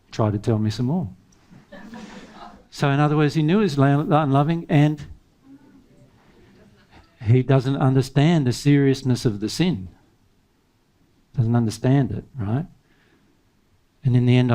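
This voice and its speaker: A man's voice: a little high, animated, normal speed, pauses often, mellow. A man giving a spiritual seminar talk in an emphatic way, firing off rhetorical questions and chuckling to himself. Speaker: spiritual teacher.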